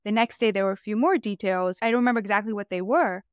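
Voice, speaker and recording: A woman's voice: medium pitch, fast, smooth, dry recording, clean studio sound. An American woman talking in an emphatic, searching way, often restarting her sentences mid-thought. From United States. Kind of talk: conversational podcast chat.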